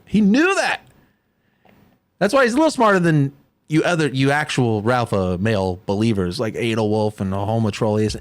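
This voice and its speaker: A man's voice: a little high, no echo. A young man ranting on his livestream, sarcastic and mocking, swearing a lot and mimicking people in sneering voices.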